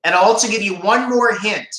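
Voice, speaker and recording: A man's voice: sits high, brisk, fairly bright tone, reverberant, rough recording. A man with a Canadian accent hosting a casual livestream, rambling and joking as he reads out viewer comments. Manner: chatty, rambling, jokey, laughs often. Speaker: YouTube channel host on a live stream.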